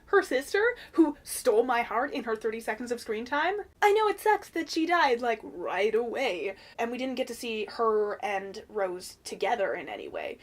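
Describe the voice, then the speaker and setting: A young woman vlogging an excited film review, gushing and animated, swearing casually and breaking into squeals. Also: a little high.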